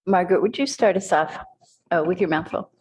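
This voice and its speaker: Husky woman chairing a meeting. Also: on the low side, fairly quick, a little mellow.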